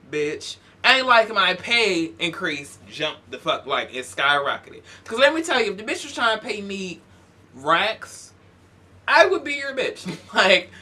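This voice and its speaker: A young man telling a story in a casual vlog, animated, profane and sassy. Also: sits high. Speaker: YouTuber.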